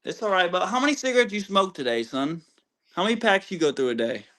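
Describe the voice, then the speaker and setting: Panel guest: slightly high-voiced man, earnest and insistent, argues over the host, casual and blunt. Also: lively intonation, fast, bright, forceful tone. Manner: earnest, pushy, keeps pressing the point. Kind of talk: casual argumentative panel talk.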